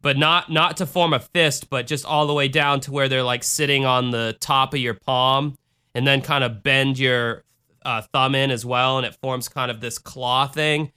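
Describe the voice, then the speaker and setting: A man's voice: medium pitch, steady tone, moderate pace, bright, forceful tone, clean tone. An American man hosting a casual true-crime podcast, retelling a case with chatty asides. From United States. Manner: chatty, retells cases with asides and bad impressions. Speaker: podcast host.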